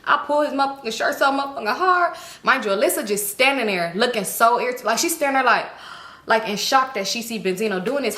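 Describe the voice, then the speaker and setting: A woman telling a personal story in a casual vlog, animated and full of profanity. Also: fairly high pitch, fast. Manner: heavy cursing, animated retelling. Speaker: storytime vlogger. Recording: roomy echo.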